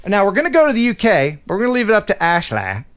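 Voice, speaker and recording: Animated man hosting a live stream. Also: high voice, fast talker, clean tone. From United States. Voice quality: animated, laughs often. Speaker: host. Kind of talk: casual live-stream chat.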